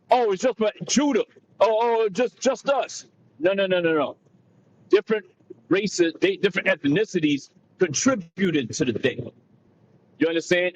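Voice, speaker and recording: A man from Jamaica, raised in America, explaining a point in casual discussion with emphatic repeats and frequent "you understand?". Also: sits high. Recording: dull lo-fi sound with faint noise.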